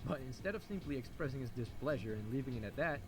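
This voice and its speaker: A man narrating an internet history video in a quick, lively, wry way. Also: mid-range voice, noisy background. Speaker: YouTube narrator. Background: music.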